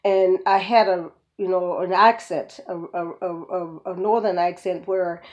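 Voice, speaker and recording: A woman's voice: lowish voice, steady tone, measured pace, highs cut off. A woman with a mix of Northern and Southern American accents, telling rambling stories as a community host and laughing often. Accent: mixed Northern and Southern US. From United States. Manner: rambling, laughs often, speaks warmly to listener as "baby". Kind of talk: casual storytelling monologue.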